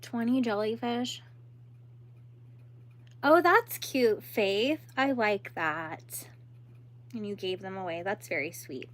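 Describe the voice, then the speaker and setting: A woman's voice: medium pitch, takes it slowly, pauses often, a bit bright. A young woman hosting a crochet livestream, chatting casually and laughing while she answers viewers and works.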